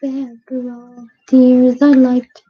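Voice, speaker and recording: A woman in her twenties chatting casually on a livestream, sniffly and tired, rambling in a low-key, self-deprecating way. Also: completely flat delivery, slow, slightly rough, muffled recording. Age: 20s.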